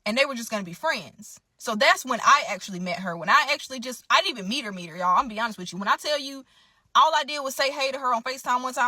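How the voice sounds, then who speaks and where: A woman with a bright, forceful voice pitched a little high tells her own story in a candid, casual way. She talks emphatically, swears freely and keeps turning to speak to her listeners. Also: lively intonation, rapid-fire, no echo. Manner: emphatic and profane, often addressing listeners directly. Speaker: podcast guest telling her story.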